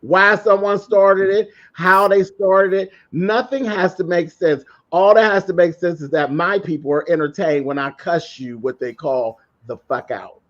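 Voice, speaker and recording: A man's voice: sits high, unhurried, few pauses, a bit bright. A man telling a profane gossip story in a brash, mocking way on a casual live-stream chat. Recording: dull lo-fi stream audio.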